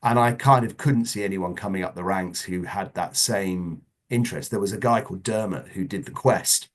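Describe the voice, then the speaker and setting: A middle-aged man, a guest in a casual interview, telling anecdotes in a chatty way with lively asides. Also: low voice, moderate pace. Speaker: interview guest, former children's TV producer.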